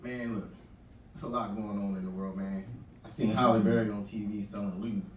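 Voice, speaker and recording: A man's voice: lowish voice, flat delivery, a little fast. A man in his forties from the US East Coast shore doing a rambling, profane stand-up rant in a conversational way. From US East Coast shore area. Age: 40s. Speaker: stand-up comedian. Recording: echoey room, mic from a distance, faint noise.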